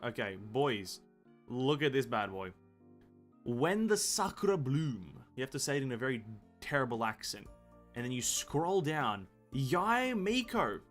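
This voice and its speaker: A gaming streamer rambles casually during a live stream, making self-mocking jokes, swearing freely, and stumbling over words while reading game text aloud. His voice is mid-range and a bit bright.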